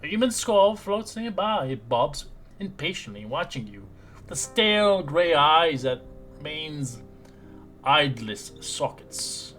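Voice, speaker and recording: A man narrating a tabletop game as game master in a halting, rambling way with restarts. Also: a little high, sing-song, fairly bright tone, soft background music.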